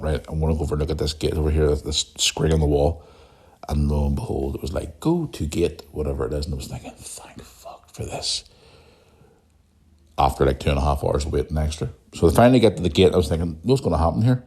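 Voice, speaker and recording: A man hosting a podcast, telling a story casually, swearing freely and acting out what other people said. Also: low voice. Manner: animated, swears often, acts out other people's lines. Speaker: podcast host.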